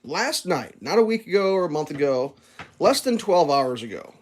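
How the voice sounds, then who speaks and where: A man with a fairly high voice tells a rambling story over breakfast at home. He talks casually and gets animated when the story heats up, sometimes slipping into silly voices. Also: moderate pace. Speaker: vlogger.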